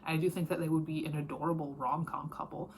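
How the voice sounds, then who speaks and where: A woman's voice: deep voice, little pitch movement, fast, a little hiss or hum. A woman chatting casually about books she read, frank and rambling, with many fillers and self-corrections. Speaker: book vlogger. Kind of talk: casual reading wrap-up chat.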